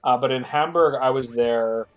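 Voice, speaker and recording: Guy w a plugged-up nose rambling on a game stream, lots of likes and ums, mid pitch, faint game music behind. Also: moderate pace. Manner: rambling, filler-heavy, jokey. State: stuffed-up nose. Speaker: guest co-streamer. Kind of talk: casual stream chat.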